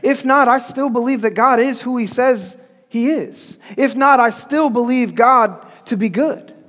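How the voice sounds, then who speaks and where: Pastor, male, very high voice, chatty storytelling sermon, long church-hall reverb. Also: unhurried, a bit bright. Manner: storytelling, conversational preaching with call-and-response. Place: church sanctuary.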